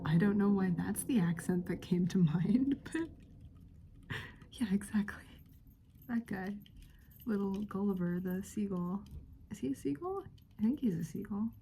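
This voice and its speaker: A woman's voice: mid-range voice, vocal fry, warm tone, a little hiss or hum. A woman whispering in a friendly role-play, giggling and rambling through casual chat as a friend hosting a visit.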